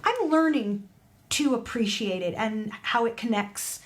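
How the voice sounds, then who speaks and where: Woman vocal coach, higher voice. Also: animated, a little slow. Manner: analytical, demonstrates vocal techniques. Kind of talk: reaction video commentary. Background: faint music playing.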